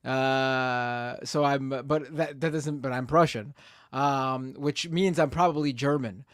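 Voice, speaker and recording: A man's voice: medium pitch, fairly even intonation, slow, fairly bright tone, no room sound, studio quality. A man co-hosting a casual panel chat who rambles and hesitates with many fillers. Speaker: co-host.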